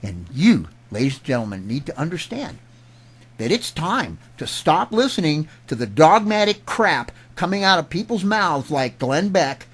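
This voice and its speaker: A man's voice: fairly high pitch, sing-song, normal speed, slightly rough. A middle-aged man delivering an angry political rant, indignant and emphatic, often restarting his words. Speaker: political commentator.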